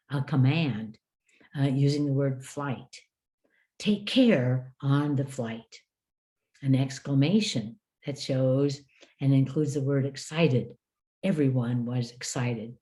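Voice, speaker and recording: An older woman from the United States presents to a room of teachers. Her voice sits very low and sounds warm and dark. She tells stories from her classroom in a lively, conversational way, with plenty of "uh"s. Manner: lively storytelling with frequent "uh" fillers. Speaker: education presenter. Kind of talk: workshop lecture for teachers.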